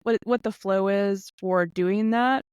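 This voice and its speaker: A woman's voice: medium pitch, slow, darkish tone, smooth, no echo, clean studio sound. A woman guest on a podcast, chatting casually and laughing often. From eastern United States. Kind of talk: casual chat.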